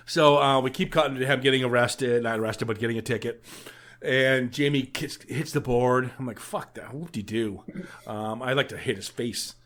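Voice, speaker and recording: A man's voice: medium pitch, moderate pace, a bit bright. Profane laughing podcast man. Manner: profane, laughing, acts out characters' lines. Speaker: podcast co-host. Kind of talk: casual movie recap chat.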